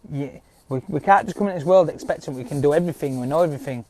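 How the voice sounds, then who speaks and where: A man's voice: fairly high pitch, very fast, dark tone. A man with speech ranting to viewers in a rambling, insistent way, swearing often and adding "yeah?" to his points. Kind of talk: casual rant to viewers.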